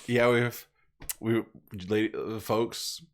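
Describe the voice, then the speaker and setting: A man's voice: lowish voice, completely flat delivery, slow pace. A man chatting casually as a co-player, rambling and hesitant with a wry sense of humor. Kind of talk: casual chat over a game.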